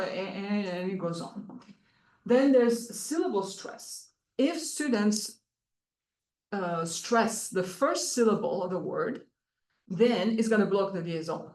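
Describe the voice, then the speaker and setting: A woman's voice: on the low side, darkish tone. Woman presenting research in an echoey room. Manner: explanatory, halting with frequent fillers. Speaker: conference presenter. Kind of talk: academic talk.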